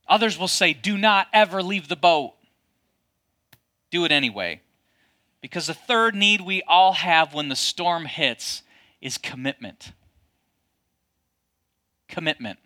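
A man preaching a sermon as a pastor, addressing his congregation with lively rhetorical questions. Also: a little high, takes it slowly, long pauses.

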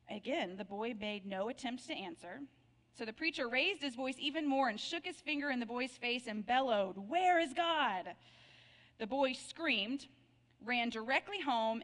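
A woman's voice: fairly high pitch, fairly bright tone. A woman pastor telling Bible jokes in a sermon, playful and laughing at her own punchlines. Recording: long reverb of a large hall.

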